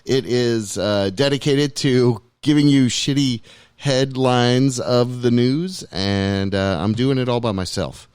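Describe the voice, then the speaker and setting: A man's voice: mid-range voice, slow, a little mellow, clean tone, dry recording, studio quality. Rambling, loose podcast host man. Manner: loose, rambling, self-deprecating. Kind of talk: casual talk show chat. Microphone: studio mic.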